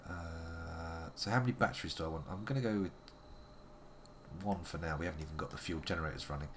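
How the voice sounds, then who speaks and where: A man's voice: low voice, fast, noisy background. A man giving playful, wordy live commentary on a game he is playing, making theatrical asides to his chat. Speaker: live-streaming game player.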